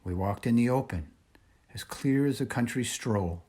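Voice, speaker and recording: A man reading a children's storybook aloud in a measured, expressive way. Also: mid-range voice, breathy edge. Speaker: reader.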